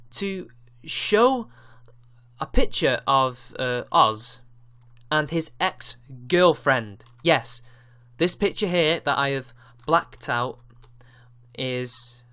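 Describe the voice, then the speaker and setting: Sex: man. Style: ranting commentary vlog. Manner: indignant, sarcastic, swearing. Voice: bright, forceful. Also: medium pitch. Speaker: YouTube commentator.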